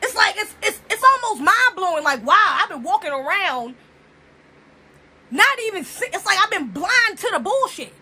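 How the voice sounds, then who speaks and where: A young woman from the United States delivers an opinion rant to camera, her voice pitched very high and swinging widely up and down. She fires off profane, emphatic rhetorical questions in a bright, cutting tone. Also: sing-song, moderate pace. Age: young adult.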